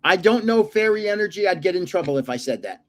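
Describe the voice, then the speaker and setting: A man's voice: high voice, lively intonation, fast. An older man hosting his own channel, chatting casually while opening card packs and chuckling at his own guesses. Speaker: card-collecting channel host. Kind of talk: casual pack-opening chat.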